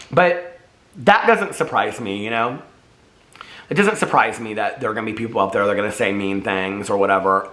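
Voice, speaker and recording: A man talks straight to his viewers in a loose, rambling way, full of filler words and open feeling. His voice sits at an ordinary pitch. The recording has a noticeably roomy echo. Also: pushed and bright. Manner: rambling, heartfelt, lots of "like". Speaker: vlogger. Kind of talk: casual chat to camera.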